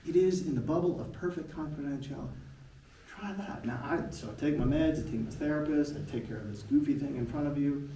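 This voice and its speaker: Animated middle-aged man speaking in an echoey hall. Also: a little fast. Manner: animated and emphatic, with big swings in pitch and frequent rhetorical questions. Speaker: motivational speaker. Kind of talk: live presentation to an audience. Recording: echoey, distant hall sound with faint noise.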